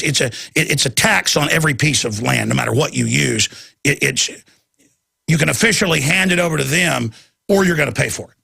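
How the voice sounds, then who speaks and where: Gravelly, heated male radio host. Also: a little high, sharp tone. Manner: heated, repeats words when worked up. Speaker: radio talk show host. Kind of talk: ranting radio monologue.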